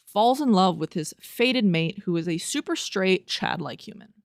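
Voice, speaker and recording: A woman's voice: medium pitch, expressive, unhurried, no echo. A young woman hosts a casual solo podcast, reading quotes aloud and breaking off into profane, disbelieving commentary. Her voice sits in an ordinary middle register. The sound is close and dry, with no room around it. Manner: incredulous, profane, laughing at what she reads; reads review quotes aloud and riffs on them. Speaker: podcast host.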